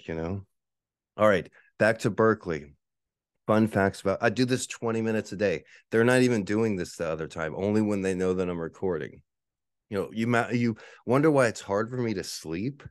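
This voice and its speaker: A man with a very low, deep voice hosts a solo podcast from his apartment, talking nonstop in a profane, ranting way. The sound is dry and close, with no room echo at all. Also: normal speed. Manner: ranting, profane, mocking the neighbors in shrill voices. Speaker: podcast host. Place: one-bedroom apartment.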